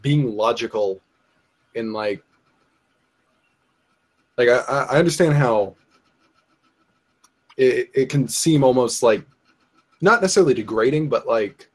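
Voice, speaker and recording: A man's voice: medium pitch, animated, measured pace, long pauses. A man in casual group talk, explaining hesitantly with many fillers while he hunts for the right words.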